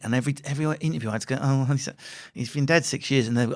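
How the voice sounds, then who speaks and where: A man in his forties from England, a comedian guest telling lively anecdotes with plenty of swearing in a podcast interview. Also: medium pitch, fast talker. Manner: animated, sweary anecdotal storyteller.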